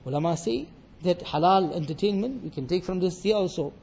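A man giving a sermon on a Quran passage, reciting verses and explaining them with lively acted dialogue. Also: sits high, brisk, breathy edge, dull audio. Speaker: Islamic scholar teaching Quran commentary.

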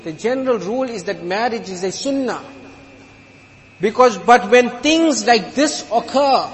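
Emphatic male preacher, high voice, long hall reverb, mixes humor into his sermon. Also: animated, unhurried.

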